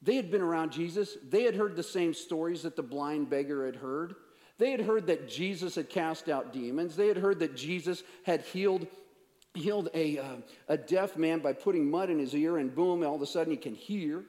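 A man's voice: fairly high pitch, moderate pace. Dramatic male pastor in a reverberant hall. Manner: dramatic, swings from hushed asides to raised emphasis; playful banter with volunteers. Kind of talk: sermon. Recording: long reverb of a large hall.

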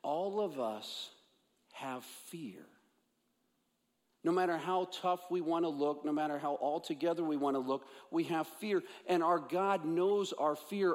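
Pastor guy preaching, kinda high voice, keeps repeating lines, big echoey church. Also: a little slow. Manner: earnest, repeats phrases for emphasis. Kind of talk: sermon. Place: church sanctuary. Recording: long hall reverb.

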